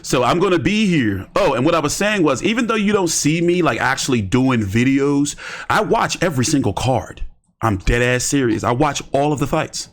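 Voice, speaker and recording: During a casual live stream, a man rambles through slangy boxing commentary, talking to himself as he browses. His mid-range voice is animated and moves at a normal speed.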